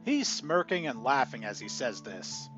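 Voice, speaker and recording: A man narrating a scripted tabletop gaming story in an animated storytelling manner. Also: medium pitch, unhurried. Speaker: channel narrator. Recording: dull lo-fi audio with faint music.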